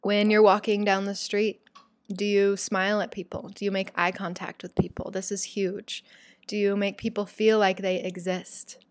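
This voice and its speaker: A young woman hosting a talk show, chatty and animated, retelling a story with quoted voices in casual storytelling. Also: mid-range voice, no echo, studio quality.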